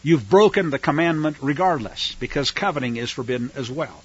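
A man's voice: medium pitch, expressive, fairly quick, husky. A man teaching the Bible on the radio, reading scripture and breaking in with folksy, sarcastic asides. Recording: dull lo-fi radio broadcast.

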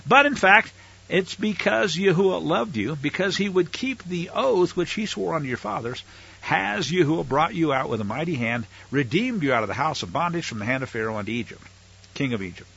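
A man's voice: fairly high pitch, animated, brisk, gravelly, fairly bright tone, slightly rough. A man teaching a Torah portion, reading scripture aloud with emphatic swells and then explaining it in a casual way. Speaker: Bible teacher. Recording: dull lo-fi recording.

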